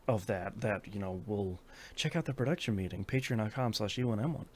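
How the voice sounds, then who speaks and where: A man's voice: on the low side, a little fast, a little hiss or hum. A man in his thirties hosting a podcast, chatting casually with many fillers and restarts. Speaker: podcast host. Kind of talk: casual chat.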